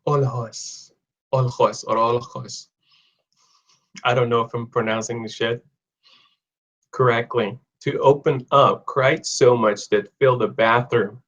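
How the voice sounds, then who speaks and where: A man's voice: mid-range voice, fairly even intonation, a little slow, fairly bright tone, highs cut off. A young man teaching English idioms in a live online lesson, reading out viewers' comments and joking with them in a chatty way. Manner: chatty, reads viewer comments aloud, jokes.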